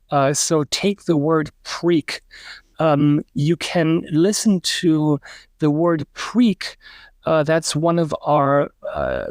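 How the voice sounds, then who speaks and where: A middle-aged man with a slightly raised pitch explains his field as a podcast guest, pausing often on uh and um. He sounds out example words as he goes, like a lecturer. The sound is dry and close, with no room around it. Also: dry recording. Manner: lecturing, demonstrates pronunciations aloud, frequent uh and um. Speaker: linguistics professor, guest.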